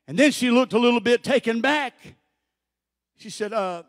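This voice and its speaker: A male pastor preaching a sermon, telling a story and then building to shouted, fervent calls, with frequent "uh" fillers. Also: extremely high pitch, brisk, in a large hall.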